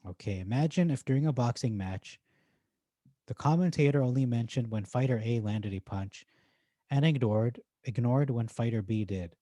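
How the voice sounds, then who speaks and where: Male vlogger, Irish accent, mid-range mellow voice, relaxed chatty delivery with jokey asides, dry close recording. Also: mid-range voice, no echo. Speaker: stock market YouTuber. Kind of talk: casual commentary reading forum posts.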